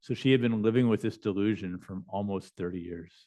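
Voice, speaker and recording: A man with a lowish voice tells stories from his chaplain work during a lecture. He speaks conversationally, with many fillers and false starts. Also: a little fast, mellow. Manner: conversational, with frequent fillers and restarts. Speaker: bishop and chaplain. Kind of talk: lecture storytelling. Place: lecture hall.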